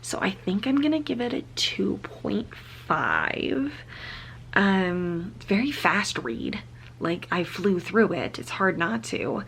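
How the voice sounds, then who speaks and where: Young woman book vlogger, chatty, fillers, slips into whispers, fry in the voice. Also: medium pitch, very animated, slow, a bit bright, slight background noise. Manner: chatty, frequent fillers, drops into unvoiced whispers. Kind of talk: casual book review chat. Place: indoors at home.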